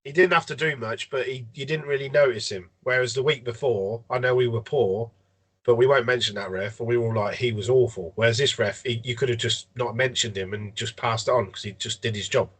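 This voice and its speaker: A man co-hosting a sports podcast, chatting casually and telling animated, jokey stories. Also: mid-range voice, fairly quick, husky. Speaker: podcast co-host.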